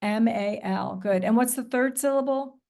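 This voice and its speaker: A woman's voice: a little high, normal speed, vocal fry, a little mellow. Woman modeling a vocabulary lesson. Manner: models classroom call-and-response, patient and encouraging. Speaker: teacher trainer. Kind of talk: professional development presentation. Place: recorded presentation.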